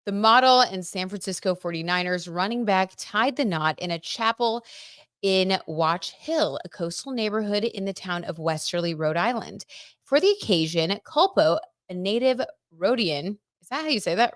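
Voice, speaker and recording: A woman's voice: mid-range voice, lively intonation, normal speed, a bit bright, dry recording, clean studio sound. A young woman hosting a casual livestream, chatting about astrology and celebrity gossip, reading viewer comments in a gushing, chatty way with lots of fillers. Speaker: livestream host reading chat.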